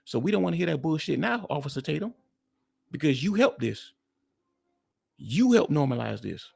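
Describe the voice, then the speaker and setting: A man's voice: fairly high pitch, very animated, normal speed, gravelly, a little mellow, slightly rough. A man hosting a reaction commentary, talking bluntly and mockingly to his viewers. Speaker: commentary host.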